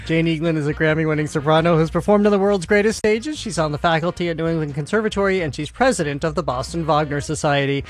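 Quick-talking male radio host, slightly high. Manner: friendly, quick, stumbling restarts. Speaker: radio culture show host. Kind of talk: radio interview and sign-off.

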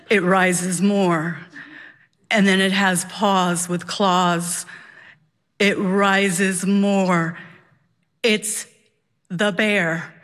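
A woman telling a personal story live, building suspense with slow dramatic pauses. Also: lowish voice, fairly bright tone, long reverb tail.

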